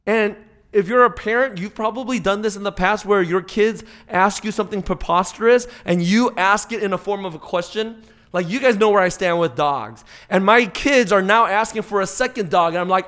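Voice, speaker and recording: A man preaching a sermon as pastor, swinging between loud emphatic peaks and quiet, slowed-down drops. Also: high-pitched.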